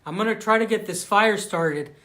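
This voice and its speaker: A Southern Californian man with a high voice chats casually on a livestream from a rural plot outdoors. He talks at a normal speed in a bright, pushed tone, thanking viewers and often restarting or filling gaps with fillers.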